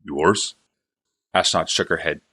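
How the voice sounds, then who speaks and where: A man reading a fantasy novel aloud in steady, even narration. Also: low voice, a little fast. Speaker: reader, streamer.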